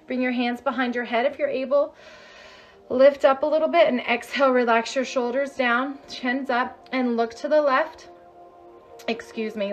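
A woman energy healer leading a live guided healing session, soothing and chanting a repeated release mantra. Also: high-pitched.

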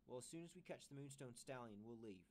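A man's voice: medium pitch, lively intonation, fast, a little mellow, slight background noise, close to an everyday voice. A man reading as an earnest young girl. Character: girl heroine on a horse hunt. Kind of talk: children's storybook reading.

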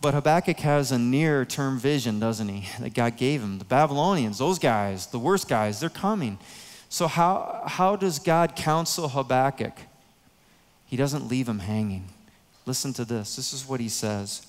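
A male pastor delivers an earnest, emotional sermon with soft, hushed pauses. His voice is smooth and resonant at a middle pitch. A long reverb from the church sanctuary trails each phrase. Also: expressive.

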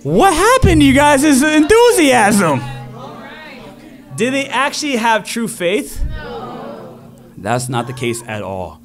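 A man's voice: very high-pitched, huge pitch swings, takes it slowly, long pauses, faint music behind. A man preaching a sermon, telling a story with energy and acting out the crowd's voices.

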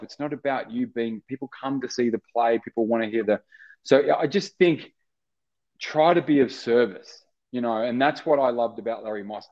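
An Australian actor in casual interview chat, rambling with many restarts and fillers. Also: male voice, medium pitch, a little mellow, highs cut off. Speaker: actor guest.

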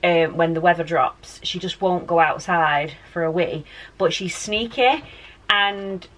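A woman's voice: lowish voice, a little slow, fairly bright tone. A woman, chatting casually as she vlogs from her child's bedroom at home, rambling with lots of fillers. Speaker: vlogger and mum. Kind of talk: casual home vlog chat.

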